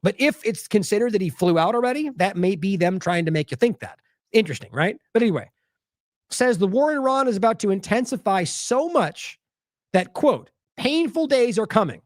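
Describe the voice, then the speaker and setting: Male commentator, fairly high voice with wide swings, sarcastic, dry close mic. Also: a little fast, no echo. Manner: animated, sarcastic, mocks quotes in exaggerated voices; talks in bursts with restarts while scrolling sources. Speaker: independent news commentator. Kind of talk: solo news commentary.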